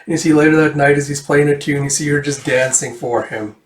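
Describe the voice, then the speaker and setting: A man's voice: fairly high pitch, fairly even intonation, fairly quick, roomy sound. A man casually narrating a comic book read-through, rambling with lots of "like" and "it's like". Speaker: comic book reader and reviewer.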